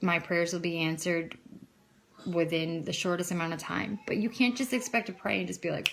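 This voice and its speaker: Creaky-voiced woman telling her faith story. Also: on the low side, fairly even intonation, moderate pace, slight background noise. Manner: emotional, rambling, frequent "I'm like" quotes. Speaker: vlogger sharing testimony. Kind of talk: casual personal testimony.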